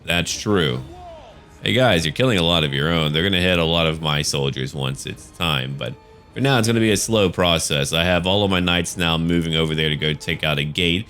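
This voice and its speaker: A man's voice: sits low, fairly quick, fairly bright tone, clean tone, faint music behind. A man casually commenting on a strategy game battle, chatty and joking. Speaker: gaming channel host.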